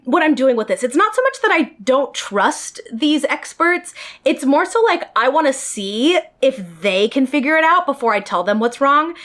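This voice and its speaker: A woman's voice: high-pitched, a bit bright. A woman telling a personal story in a storytime vlog, speaking directly to her viewers. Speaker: vlogger.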